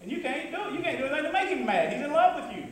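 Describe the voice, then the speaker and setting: Male pastor, high voice, chatty sermon delivery, recorded from a distance in a reverberant church. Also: sing-song, very fast. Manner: conversational preaching with call-and-response asides. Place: church sanctuary. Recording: echoey church hall, mic from afar.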